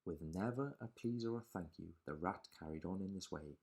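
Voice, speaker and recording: A man reading a children's picture book aloud in a lively, sing-song storytelling way. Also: deep voice, moderate pace, gravelly.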